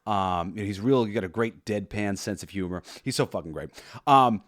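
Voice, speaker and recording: A man's voice: fairly low pitch, fairly quick, a bit bright, no echo, studio quality. A young man hosting a casual solo podcast about a film, rambling and enthusiastic, with many restarts and frequent laughs. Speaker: podcast host.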